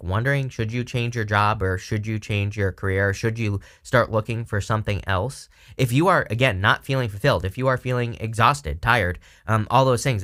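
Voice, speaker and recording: A man's voice: fairly low pitch, fairly bright tone. A man giving a casual, rambling tarot reading, chatty with lots of fillers and frequent laughs. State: hiccups. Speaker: tarot reader.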